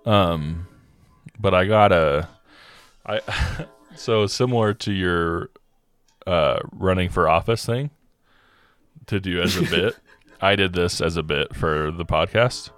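Young male podcast co-host, lower voice, laughing storyteller with casual slang. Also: slow, pauses often, clean tone, soft background music. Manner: animated, laughing retelling with slangy asides.

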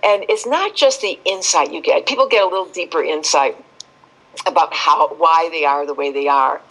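A woman speaking as an expert guest in a podcast interview, telling stories with lively shifts and acting out quoted voices. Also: low-pitched, normal speed, rough recording.

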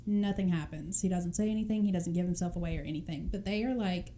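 A woman's voice: fairly low pitch, fast, warm tone, a little hiss or hum. A young woman telling a true crime story in casual chat, laughing often and acting out the people in it. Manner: chatty, laughs often, acts out quoted voices.

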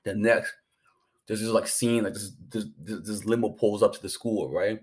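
A man's voice: fairly low pitch, fairly even intonation, normal speed, darkish tone, breathy edge. A man giving a casual, rambling, hyped recap of an anime episode, full of slang and fillers. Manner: hyped, rambling, slangy, says 'bro' and 'like' constantly. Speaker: anime reviewer.

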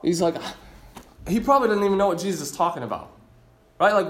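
Male pastor, high-pitched, casual and emphatic sermon delivery, stumbles and restarts often. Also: very animated, fast, long pauses, a bit bright, echoey room. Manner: conversational, emphatic, frequent restarts.

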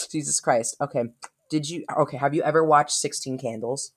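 A woman hosting a casual group chat, excitable and dramatic, laughing often. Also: low voice, normal speed, very noisy. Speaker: podcast host asking questions.

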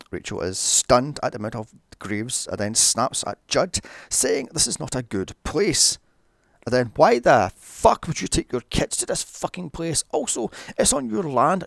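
A man's voice: mid-range voice, creaky, no echo, studio quality. A man narrating a sarcastic movie recap, full of profane, mocking asides. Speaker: film recap commentator.

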